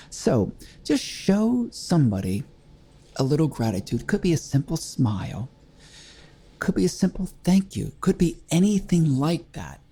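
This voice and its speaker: An older man with a gravelly, husky voice and a dark, mellow tone hosts a reflective monologue. He speaks earnestly and conversationally, a grieving widower who retells everyday anecdotes. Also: medium pitch. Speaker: host.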